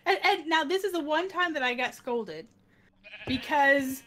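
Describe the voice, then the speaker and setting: A woman hosting a game stream, telling a story in a casual, animated way and acting out other people's voices. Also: high-pitched, unhurried. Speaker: host.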